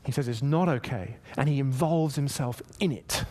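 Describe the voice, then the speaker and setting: A man's voice: medium pitch, moderate pace. A man preaching a sermon, reading scripture aloud and acting out quotes with rising emphasis. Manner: animated, emphatic preaching with dramatic voiced quotes. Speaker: pastor.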